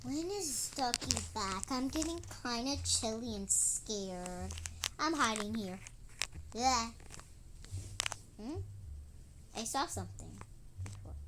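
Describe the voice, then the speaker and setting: A woman's voice: a little high, expressive, slow, long pauses, noisy background. A young girl narrating her own role-play game in a casual, dramatic, giggly way and talking to an in-game duck. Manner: dramatic, giggly, easily startled.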